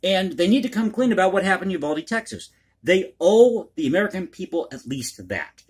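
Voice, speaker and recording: A man talks straight to his viewers in an unscripted commentary vlog, rambling and opinionated, with a folksy habit of calling them folks. His voice sits fairly high and swings widely in pitch, with a husky edge to it. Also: sing-song, brisk. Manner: conspiratorial, opinionated. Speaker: political commentary YouTuber. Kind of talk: one-take commentary vlog.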